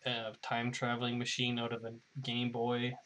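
Bright-voiced man riffing goofily. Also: medium pitch, monotone, moderate pace. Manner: goofy, riffs silly scenarios. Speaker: podcast co-host. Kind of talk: casual chat.

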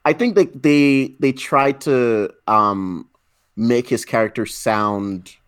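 A man's voice: medium pitch, slow, fairly bright tone, clear, resonant tone, no room sound, studio quality. A man in an ordinary middle register, co-hosting a casual movie review chat. He is upbeat and talkative, often breaking into laughter as he riffs with friends. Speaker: podcast co-host.

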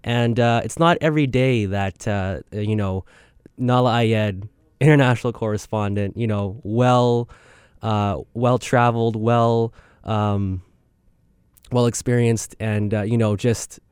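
Young male podcast host, lowish smooth voice, rambling and self-deprecating, close dry mic. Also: fairly even intonation, a little slow, darkish tone, dry recording. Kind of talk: casual spoken intro.

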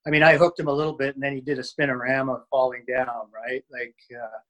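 A man in a casual interview, telling old hockey stories. He rambles and restarts often, filling gaps with "uh" and "you know". His voice sits at an ordinary middle pitch. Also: level tone, a little fast, fairly bright tone, highs cut off. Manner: rambling, many fillers and restarts. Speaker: former hockey player.

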